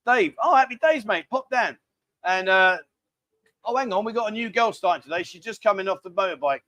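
A man's voice: high-pitched, animated, a little fast, pushed and bright, no echo. A man hosting a live stream, rambling and bantering casually as he reads out viewer comments. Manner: rambling, chatty, cheeky banter. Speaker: livestream host.

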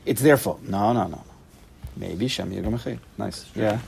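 A man teaching an informal Torah study class, animated, repeating himself and restarting sentences, mixing in Hebrew and Yiddish terms. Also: lowish voice, normal speed, vocal fry, a little hiss or hum. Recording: recorded in a study room for a tape.

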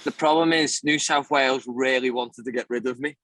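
A Northern English man chats as a band guest, joking about himself with an easy grin in his voice. His pitch is mid-range, and the sound is close and dry. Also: fairly even intonation, fairly quick, fairly bright tone, no room sound. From north of England. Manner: joking, self-mocking. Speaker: band member. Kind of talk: casual interview.

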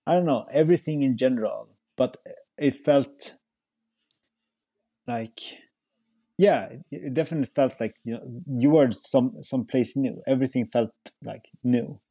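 A man's voice: mid-range voice, normal speed, warm tone, husky, no echo. A young man speaking English as a podcast guest, rambling casually with many fillers and restarts. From Sweden. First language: Swedish. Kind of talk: casual chat.

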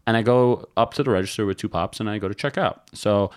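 A man in his thirties with a fairly low voice rattles through a story at a quick clip. He sounds animated and exasperated as he relives it, in loose, casual chat. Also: smooth. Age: 30s. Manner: animated, exasperated retelling with acted quotes.

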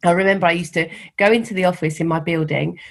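Founder of a women's network, this middle-aged East London woman speaks with a softened Cockney accent as a guest in a conversational interview. Her voice is fairly low and gravelly, her pace quick, and her storytelling candid, animated and full of laughs.

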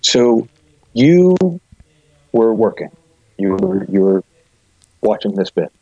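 A man's voice: lowish voice, very animated, slow pace, warm tone, dry recording. A middle-aged man, a guest and coach, thoughtfully explaining ideas with vivid images in a reflective conversation, recorded with dull, lo-fi sound.

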